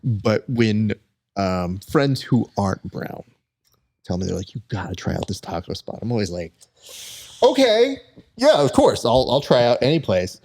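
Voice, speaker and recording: A young adult man hosting a podcast, chatting casually and telling lively stories, acting out the people he quotes. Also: lowish voice, moderate pace. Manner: animated storyteller who acts out quoted people. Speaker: podcast host. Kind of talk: casual chat.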